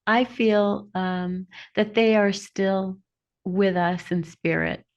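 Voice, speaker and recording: A woman's voice: medium pitch, steady tone, slow. A woman hosting a podcast interview, offering short supportive replies and sharing her own story. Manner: supportive, brief affirmations. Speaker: podcast host. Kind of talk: conversational interview. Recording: dull lo-fi audio.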